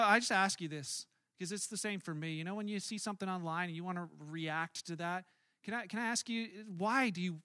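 A male pastor delivers a casual, story-driven sermon with a high, very bright and forceful voice. He stays conversational but jumps into loud, animated reenactments of his own frustration. The sound is dry and close, with no room echo.

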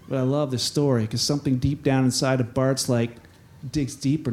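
A man's voice: mid-range voice, fairly even intonation, normal speed, a little mellow. A man preaching a sermon in a casual, conversational way, acting out scenes and voicing characters in dialogue. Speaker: pastor.

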